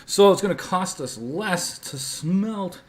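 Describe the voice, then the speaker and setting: A man's voice: high-pitched, lively intonation, slow pace. A man rambling through casual gameplay commentary, with lots of filler words as he tells stories. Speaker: gaming streamer.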